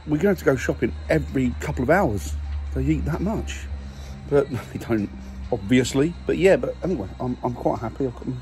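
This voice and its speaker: Out in his garden, a man vlogs casually about his family, joking and poking fun at himself. His voice is mid-range and a little mellow.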